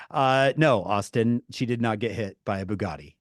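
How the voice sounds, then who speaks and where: A man telling a story to his viewers, animated and laughing through his words, calling on chat by name. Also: lowish voice, moderate pace, hardly any pauses, no room sound, clean studio sound. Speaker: streamer talking to viewers. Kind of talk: casual storytelling.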